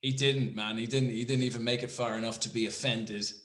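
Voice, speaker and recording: A man's voice: medium pitch, steady tone, a little fast, fairly bright tone, roomy sound. A young man co-hosting a casual podcast, joking around, swearing freely and slipping into silly voices. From Ireland. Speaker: podcast co-host. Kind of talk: casual chat.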